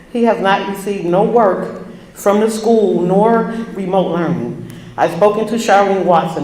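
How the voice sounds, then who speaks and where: A woman's voice: fairly low pitch, a little mellow. Emotional older woman in an echoey hall. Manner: emotional, halting, apologetic. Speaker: concerned grandparent giving public comment. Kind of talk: public comment at a board meeting. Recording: echoey meeting hall, faint noise.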